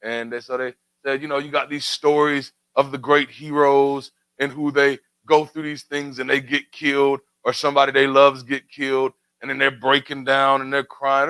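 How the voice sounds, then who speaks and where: This radio host's commentary for a community talk show is preacherly, built on rhetorical questions and mounting emphatic refrains. His mid-range voice is level in tone, pushed and bright yet smooth, at normal speed with hardly any pauses. The recording has no echo but is rough.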